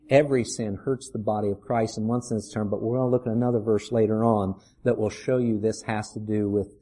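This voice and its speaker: A man's voice: fairly low pitch, dark tone. Earnest middle-aged male preacher. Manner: earnest preaching, rising questions, slows to stress points. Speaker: pastor. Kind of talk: sermon.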